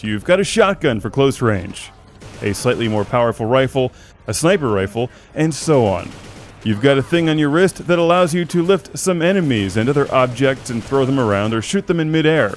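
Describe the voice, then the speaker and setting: A man's voice: mid-range voice, slight background noise. Man giving a wry, scripted game review. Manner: wry, with dry joking asides.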